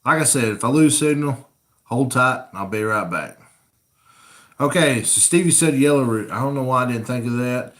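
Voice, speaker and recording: A man's voice: mid-range voice, moderate pace, fairly bright tone. Man, live-stream host, casual folksy chat, reads comments aloud. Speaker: coon hunting channel host. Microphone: camera rig mic.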